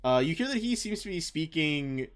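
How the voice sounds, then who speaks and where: A man's voice: fairly high pitch, very animated, moderate pace, faint music behind. Young male game master, casual improvising narration, full of ums. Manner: loose, filler-heavy improvising.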